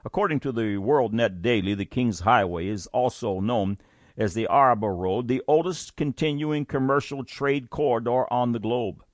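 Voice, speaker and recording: A man's voice: mid-range voice, normal speed, dry recording. A man reading a scripted Bible teaching, earnest and emphatic, quoting scripture aloud. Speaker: Bible teaching show host.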